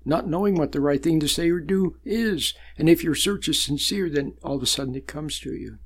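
An older man giving a sermon-like spiritual talk, measured and emphatic, building points through repeated phrases and long pauses. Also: on the high side, animated, husky. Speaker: spiritual teacher.

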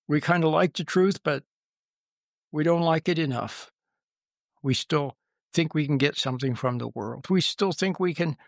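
A man giving an informal spiritual talk, telling stories in an unhurried, reflective way with small chuckles. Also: fairly high pitch, creaky, no echo, studio quality. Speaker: spiritual teacher.

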